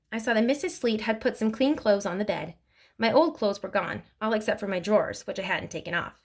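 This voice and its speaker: Woman reader, plain steady read-aloud narration of a novel. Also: medium pitch.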